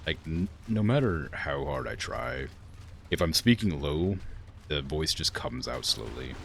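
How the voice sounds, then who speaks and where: A man's voice: rumbling low, animated, a little slow, vocal fry, fairly bright tone, slight background noise. A man streaming a game in casual chat, rambling through viewer questions with lots of "like" fillers. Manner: rambling, heavy use of "like" fillers; answers viewer questions while playing.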